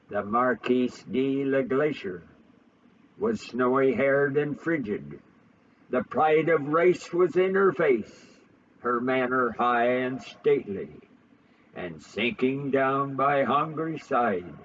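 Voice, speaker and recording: A man storyteller reciting a comic poem in a measured, theatrical way. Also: mid-range voice. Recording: dull lo-fi sound from a distant mic, faint noise.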